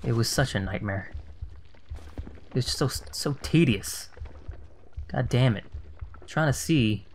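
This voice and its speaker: A man's voice: medium pitch, expressive, measured pace, long pauses, slight background noise. A man casually commenting on his own gameplay, sarcastic and muttering to himself as he plays. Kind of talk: casual let's-play commentary.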